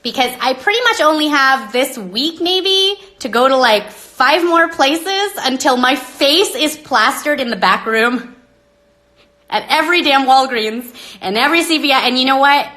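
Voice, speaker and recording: A woman hosting a live stream into her phone, talking dramatically and with exasperation, swinging between loud outbursts and hushed asides. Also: high-pitched. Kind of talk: rambling live-stream monologue.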